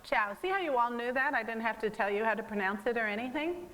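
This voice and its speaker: A woman's voice: on the high side, lively intonation, fast, a bit bright, in a large hall, rough recording. A woman artist giving a conversational gallery talk about her work, explaining at an easy pace with frequent fillers. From American. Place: museum gallery.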